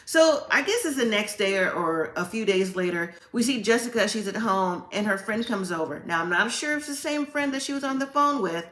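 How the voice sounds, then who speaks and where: A woman's voice: mid-range voice, expressive, a little fast, few pauses, fairly bright tone, reverberant. A woman hosting a casual recap, retelling scenes in a chatty storytelling way and acting out the quotes. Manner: chatty storytelling, acts out quotes with "like" and "you know". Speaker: reality TV recap host.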